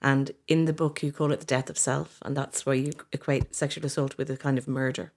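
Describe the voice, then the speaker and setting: Woman interviewer, low voice, asks gentle probing questions. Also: little pitch movement, brisk. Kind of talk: interview conversation.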